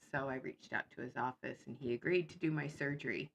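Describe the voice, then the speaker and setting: A woman's voice: rumbling low, fairly quick, creaky. A woman vlogger in casual chat, blunt and sarcastic.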